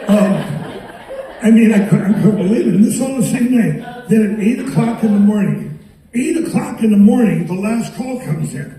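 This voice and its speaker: A man's voice: high-pitched, expressive, moderate pace, mellow. Rambling man telling stories in an echoing hall. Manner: rambling, quotes people, repeats words. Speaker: public speaker. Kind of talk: storytelling speech to an audience. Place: arts center hall. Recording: echoey hall from a distance.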